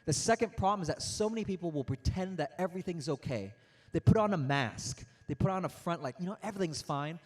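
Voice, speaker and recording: Energetic young man giving a motivational talk. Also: high voice, fast. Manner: animated, interactive, storytelling with acted-out quotes. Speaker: motivational speaker. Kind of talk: energetic motivational speech to a youth audience.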